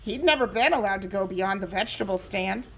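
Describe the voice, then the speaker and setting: A woman teacher reading a picture book aloud to her class, expressive and asking the children questions. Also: mid-range voice, a little fast.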